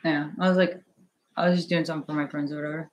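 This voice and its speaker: A young man talks in his personal vlog, his voice a little high and his delivery flat. He comes across as nervous, halting and rambling, leaning heavily on fillers and restarting often. He uses an earphone headset at home, and the audio is poor.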